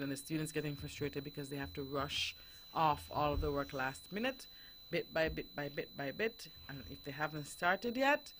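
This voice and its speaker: A woman's voice: sits low, a bit bright, a little hiss or hum. A woman hosting a radio talk show, earnestly urging parents to act. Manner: earnest, exhorting parents directly. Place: radio studio.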